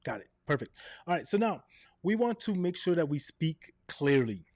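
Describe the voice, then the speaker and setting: A man teaching a live online class on presenting to camera, animated, often checking in with "right?". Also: a little high, normal speed, dry recording, studio quality. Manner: animated, varies tone to demonstrate, frequent "right?". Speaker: presentation coach. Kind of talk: live online coaching session.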